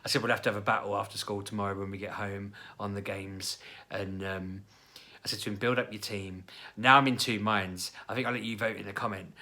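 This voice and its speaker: A man in his thirties telling a family story in a casual vlog, jumping into high, animated voices when he quotes people. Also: fairly quick. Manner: chatty, acts out quoted lines with sudden high-pitched voices. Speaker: parent vlogger.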